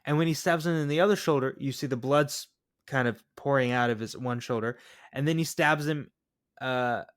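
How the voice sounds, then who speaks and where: A man co-hosting a podcast, excitedly talking through movie scenes, often tripping over and repeating his words. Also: medium pitch, moderate pace, smooth. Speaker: podcast co-host. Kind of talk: casual movie recap chat.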